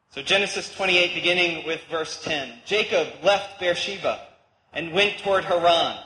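A man's voice: sits high, pushed and bright, slight background noise. A man preaching a sermon, reading scripture and explaining it in a conversational way with playful asides. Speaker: pastor. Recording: echoey hall with long reverb.

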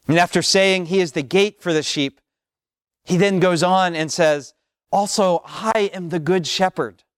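A man preaching a sermon as pastor, slow and measured, repeating phrases with long pauses. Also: on the high side, no echo, studio quality.

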